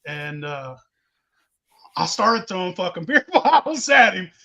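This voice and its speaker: A man's voice: high voice, sing-song, a little slow, gravelly, sharp tone. A man, telling a rowdy, profane story in casual talk and laughing as he goes. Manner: rowdy, swears constantly, laughs mid-story. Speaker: podcast host telling stories.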